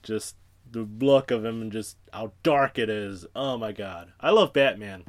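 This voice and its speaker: A man's voice: on the low side, unhurried. A young man hosting a podcast alone, rambling through profane, self-mocking tangents in casual chat. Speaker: podcast host.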